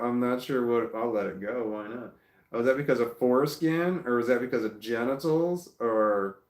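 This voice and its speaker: In an echoey room, a man with a Southern American accent and a mid-range voice does casual livestream chat. He reads live comments aloud and reacts in a stop-start way, chuckling along.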